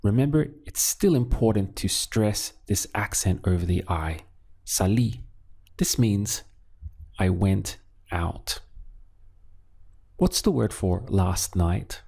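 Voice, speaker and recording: A patient male language teacher speaks at a slow, unhurried pace, quizzing the listener and then answering himself. His low voice is gravelly and somewhat husky, with a dark, mellow tone. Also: expressive. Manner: patient, asks questions then gives the answer. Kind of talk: step-by-step language lesson.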